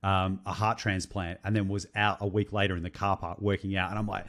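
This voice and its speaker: Aussie podcast guy, young, swears a lot, all over the place telling a story, lowish voice. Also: brisk. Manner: animated, swears freely, tells stories. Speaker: podcast co-host. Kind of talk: casual podcast chat.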